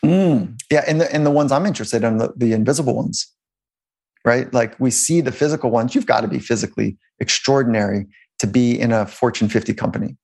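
A man's voice: medium pitch, brisk, gravelly, a little mellow, breathy edge. A man, a sports psychologist, telling stories in an interview in a loose, rambling way with frequent restarts and chuckles. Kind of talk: conversational interview storytelling.

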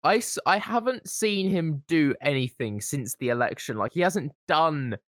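A young man co-hosting a podcast, chatting sarcastically and now and then breaking into loud whoops. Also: fairly high pitch, lively intonation, normal speed, no echo, studio quality. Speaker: podcast co-host. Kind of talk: casual comedic chat. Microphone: podcast mic.

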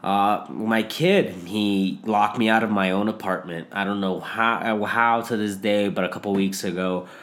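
A man's voice: on the low side, steady tone, unhurried, hardly any pauses, a bit bright. A young man hosting a podcast, telling rambling stories with restarts and laughs. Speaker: podcast host. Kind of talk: casual chat.

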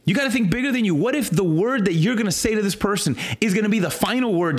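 Animated stuttering man preaching casually. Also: brisk, hardly any pauses. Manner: animated, repetitive, frequent restarts and stutters; swings between high exclaiming and low earnest tones. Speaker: pastor. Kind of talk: casual sermon follow-up talk.

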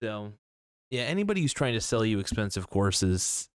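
With a fairly low, sing-song voice at normal speed, a man rants casually on his podcast. His opinions come out blunt and skeptical, laced with swearing and fillers. Studio quality, no echo.

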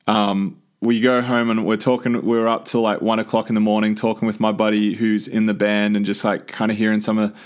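Aussie bloke telling a story, low voice, kinda monotone, keeps restarting himself. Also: male voice, fairly quick, few pauses, clear, resonant tone. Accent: Australian. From Australia. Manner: enthusiastic, rambling with many restarts. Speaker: podcast host. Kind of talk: casual storytelling monologue.

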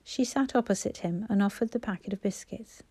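A woman narrating an audiobook in a soft, even storytelling voice on a close mic. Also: mid-range voice, a little fast, husky.

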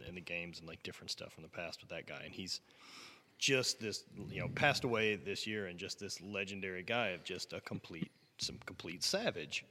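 Man, low-pitched, relaxed swearing storyteller; room with long reverb. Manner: profane, laughing storyteller. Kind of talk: casual chat.

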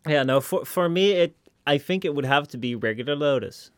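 A man co-hosting a casual podcast chat in a relaxed, rambling way. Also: a little high, a little fast, clean tone, no echo, studio quality. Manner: relaxed, lots of fillers and restarts. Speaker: podcast co-host.

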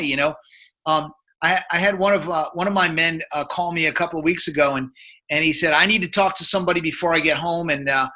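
A man's voice: on the high side, bright, forceful tone. A man in his fifties, a men's coach, telling a story in casual conversation, rambling with many fillers and restarts.

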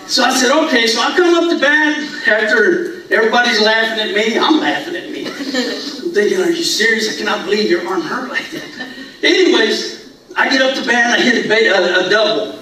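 A middle-aged man telling a funny story in a sermon, animated and laughing, acting out voices of the people in it. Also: very high voice, slight background noise. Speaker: preacher. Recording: echoey hall, from far off.

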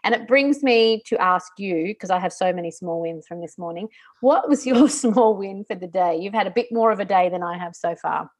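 A woman's voice: mid-range voice, normal speed. A woman co-hosting a podcast in casual chat, heartfelt and reflective, often laughing. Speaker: podcast co-host.

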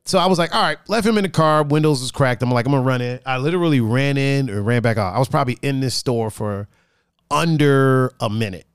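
A man's voice: mid-range voice, fairly quick, clean tone, no echo, studio quality. A man hosting a podcast, telling stories in casual chat and swearing freely. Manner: animated storyteller, swears freely. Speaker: podcast host.

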